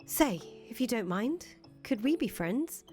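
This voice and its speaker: A woman's voice: a little high, big pitch swings, unhurried, darkish tone, soft background music. A woman voicing an earnest young foreign traveler who talks chattily and stammers when she gets nervous, in a fan voice acting of a visual novel. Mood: friendly.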